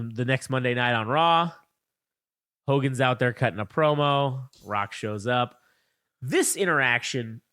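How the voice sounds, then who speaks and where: A man co-hosting a wrestling podcast, retelling a feud in excited, profane, rambling chat on a close mic. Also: medium pitch, no echo. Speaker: podcast co-host. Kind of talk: casual chat, wrestling recap.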